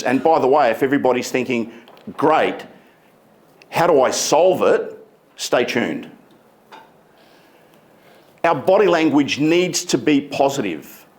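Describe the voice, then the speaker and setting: A man giving a motivational keynote speech on a conference stage, emphatic and deliberate, stretching key words. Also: on the high side. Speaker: keynote speaker.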